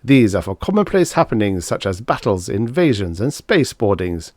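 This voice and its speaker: A swaggering provincial nobleman in an audiobook, growling his words in a heavy, rich accent, as a man puts him on. The voice sits low and the sound is close and dry. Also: sing-song, normal speed, a little mellow, no echo. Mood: boastful. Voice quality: thick rich put-on foreign accent. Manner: growling, blustering. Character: pompous male provincial nobleman, gruff and boastful.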